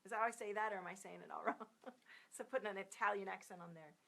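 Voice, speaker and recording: A woman in her thirties hosting a live stream of card readings. She chats warmly with viewers, sings out their names and drops into soft near-whispers. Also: medium pitch, fast, gravelly.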